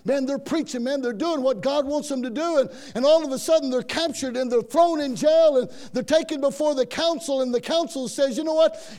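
High-voiced emphatic preacher. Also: male voice, normal speed, a little mellow. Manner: folksy, emphatic preaching with frequent "man" and repetitions. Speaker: pastor. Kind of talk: sermon.

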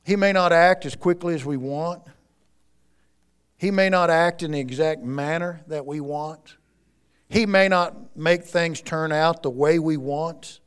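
A middle-aged male pastor preaching a sermon in a church, earnest and pleading, rising to emphatic peaks and dropping to quiet appeals. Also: a little high, a little slow, smooth. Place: church sanctuary.

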